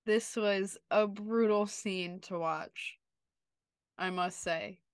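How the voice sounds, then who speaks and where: A woman's voice: medium pitch, slow, clean tone, no room sound, clean studio sound. A woman co-hosting a podcast in casual chat, chatty and emphatic with lots of filler words. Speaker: podcast co-host.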